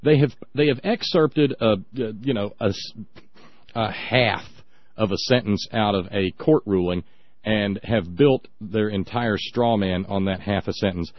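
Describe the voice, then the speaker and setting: A man's voice: on the low side, unhurried, no echo. A man giving scornful, sarcastic, rambling radio commentary. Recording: dry, dull lo-fi audio.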